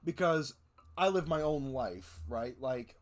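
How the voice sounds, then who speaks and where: A man's voice: fairly high pitch, expressive, slow pace. A man in his twenties streaming, chatting casually and rambling with lots of swearing and fillers. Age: 20s. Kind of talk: casual stream chat reacting to videos.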